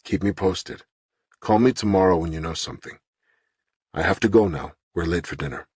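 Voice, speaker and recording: Man voicing a curt, hurried man on the phone. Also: sits low, darkish tone, breathy edge, no echo.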